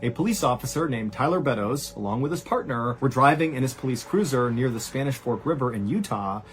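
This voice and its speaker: Animated man telling a true horror story. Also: brisk, slight background noise. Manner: animated, rises high for quoted cries; drops low and quiet at grim moments. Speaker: storyteller host. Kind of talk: dramatic true-story narration.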